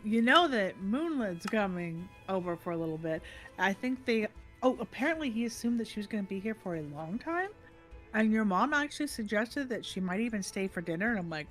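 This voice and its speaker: An older woman hosting a livestream, telling a family story in animated casual chat and laughing often. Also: medium pitch. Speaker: livestream host.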